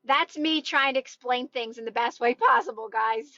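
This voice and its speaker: Woman, high voice, upbeat chatty live-stream coach, dry lo-fi phone sound from a parked car. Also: normal speed, pushed and bright, dry recording. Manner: encouraging, chatty, often asks "right?". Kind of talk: casual live-stream motivational chat.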